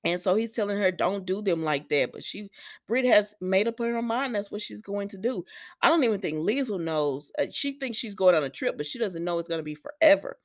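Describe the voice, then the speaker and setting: A woman's voice: mid-range voice, expressive, brisk, dry recording, clean studio sound. A woman recapping a soap opera in a chatty vlog, talking straight to her viewers. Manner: chatty, addresses viewers directly. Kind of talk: casual chat.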